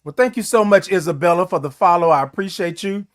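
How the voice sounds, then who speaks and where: A playful, flamboyant man hosts a morning livestream, his voice sitting high for a man. He chats loosely with viewers and drags his greetings out long. The sound is close and dry, with no room echo. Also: fast. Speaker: host of a morning livestream show. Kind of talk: casual livestream chat reading viewer comments.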